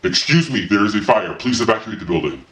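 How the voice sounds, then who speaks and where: A man's voice: on the low side, lively intonation, quick pace, a bit bright, echoey room, recorded from a distance, pitched below the performer's own voice, low-quality recording. Man putting on a stern theater worker. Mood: firm. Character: stern young male theater worker ordering evacuation.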